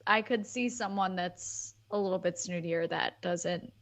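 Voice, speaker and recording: A woman's voice: lowish voice, a little slow. Woman co-host asking questions on a podcast. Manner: conversational, asks questions. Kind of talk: casual podcast chat.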